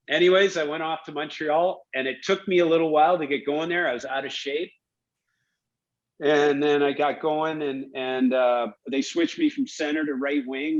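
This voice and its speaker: A man's voice: medium pitch, muffled recording. A middle-aged man, a former hockey player, telling stories casually in an interview and acting out the quotes. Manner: animated storyteller, acts out quotes, laughs.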